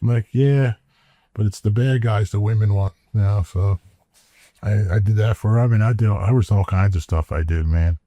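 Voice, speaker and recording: A man with a low, dark, relaxed voice tells a long story on a podcast. He drawls, stammers and circles back over his words. The recording is dry and close-miked. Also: fairly quick, no echo. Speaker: podcast co-host. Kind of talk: casual storytelling chat.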